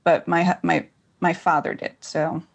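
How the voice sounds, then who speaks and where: A woman's voice: lowish voice, level tone, moderate pace, creaky, slightly rough. Wry storyteller woman, forties. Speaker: guest. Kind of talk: casual storytelling chat.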